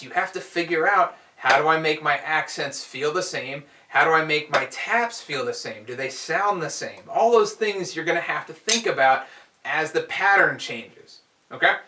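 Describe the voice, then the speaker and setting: A man teaching a drum lesson, explaining strokes in a relaxed way and counting aloud as he demonstrates. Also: fairly high pitch, slight background noise. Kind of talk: instructional explanation. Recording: echoey room, heard from a distance.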